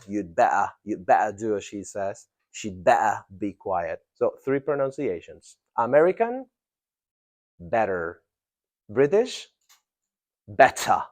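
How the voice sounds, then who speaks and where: A man teaching an English grammar lesson to a class, asking students questions and repeating key phrases slowly. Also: mid-range voice.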